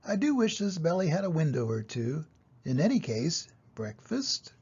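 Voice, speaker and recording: An older man reading aloud and voicing a calm, worldly male duck who speaks in a matter-of-fact way. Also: a little high, moderate pace, slightly rough, dull audio, heavily acted.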